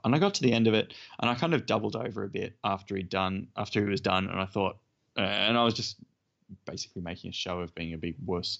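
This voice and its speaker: A man's voice: fairly low pitch, fast talker, vocal fry, fairly bright tone. A man co-hosting a podcast, telling a self-deprecating story in casual chat. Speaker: podcast co-host. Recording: dull lo-fi podcast audio.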